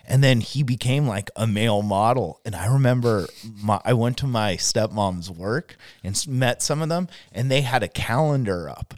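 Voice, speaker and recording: Male podcast co-host, middle-pitched voice, rambling and sweary, dry close mic. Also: normal speed, hardly any pauses, a little mellow, no room sound. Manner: rambling, profane anecdotes. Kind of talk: casual podcast banter.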